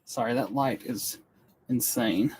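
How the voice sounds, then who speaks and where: A slight hiss or hum sits under this young man's slow, mid-range, somewhat mellow voice. Hailing from Western North Carolina, he's a woodworking YouTuber chatting casually with viewers on a live stream in his indoor studio. He rambles, stays earnest and breaks off his own thoughts.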